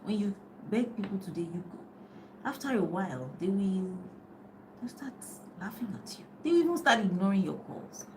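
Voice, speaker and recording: A woman's voice: mid-range voice, lively intonation, moderate pace, slight background noise, low-quality recording. A middle-aged woman coach talking casually and chattily on a live video, often losing her thread and laughing. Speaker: life and business coach. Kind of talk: casual live-stream talk. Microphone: phone on a live video.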